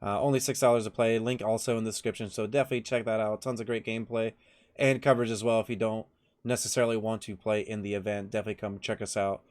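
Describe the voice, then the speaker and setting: A man's voice: lowish voice, little pitch movement, fast talker, darkish tone. A man hosting a card game set review, talking in a friendly, promotional way. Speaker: host.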